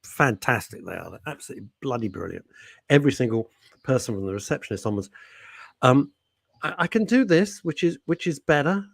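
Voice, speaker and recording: A man's voice: medium pitch, very animated, brisk, gravelly, breathy edge, no echo. A man hosting a radio show, chatting in a rambling, jokey, self-mocking way. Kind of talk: casual chat. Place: radio studio.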